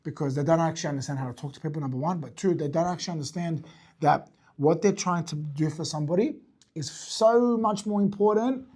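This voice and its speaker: A man teaching sales to a group, talking fast and blunt with a slightly husky voice pitched a little high. He swears casually and keeps checking in with his listeners. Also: dark tone. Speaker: fitness business owner and sales coach. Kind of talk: teaching talk to an audience.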